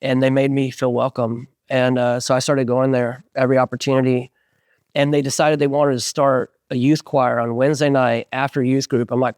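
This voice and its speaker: Middle-aged man telling a lively story. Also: mid-range voice, normal speed, clear, resonant tone, no room sound, studio quality. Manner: animated storyteller, many fillers, acts out quotes. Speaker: interviewed musician. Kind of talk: casual storytelling interview.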